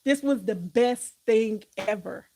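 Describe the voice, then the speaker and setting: A woman's voice: fairly high pitch, slow, darkish tone, low-quality recording. A woman hosting a live stream, chatting casually and animatedly, often breaking into laughter.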